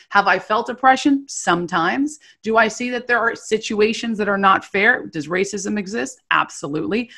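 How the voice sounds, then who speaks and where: A woman's voice: medium pitch, husky. A woman guest arguing hard and indignantly in a heated podcast debate. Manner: forceful, indignant.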